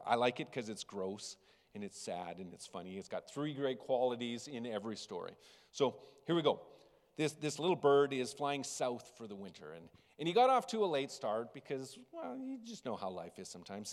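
A man preaching a sermon as pastor, telling a story with big swings between loud and hushed. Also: mid-range voice, sing-song, moderate pace. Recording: long reverb of a large hall.

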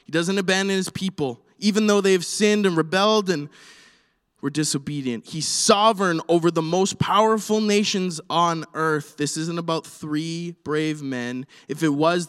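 A man preaching a sermon and reading scripture aloud, animated, swinging from quiet asides to loud, shouted lines. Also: on the high side, clear, resonant tone. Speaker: pastor. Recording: reverberant hall.

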